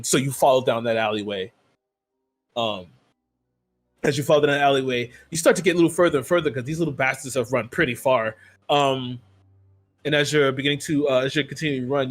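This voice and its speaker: A man narrating as game master of a tabletop role-playing game, rambling and loose, with many "like" and "um" fillers. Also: on the high side.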